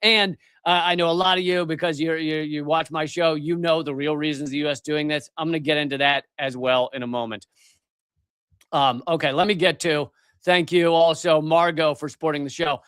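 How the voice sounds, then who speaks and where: Middle-aged male livestream host, furious profane rant, fairly high voice, dry close sound. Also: steady tone, normal speed, fairly bright tone, clear, resonant tone, no room sound. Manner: angry, profane, emphatic with many restarts. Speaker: political commentary show host. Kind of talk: live-streamed ranting commentary.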